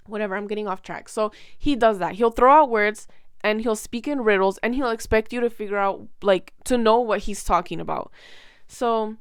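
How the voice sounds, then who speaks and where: A young woman vlogger telling a rambling, animated story in casual chat, full of fillers and quoted back-and-forth. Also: on the high side, clean tone, no echo, studio quality.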